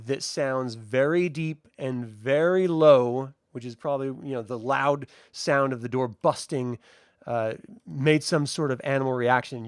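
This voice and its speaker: A man's voice: medium pitch, dry recording, clean studio sound. A man narrating a tabletop game as game master, casual and chatty.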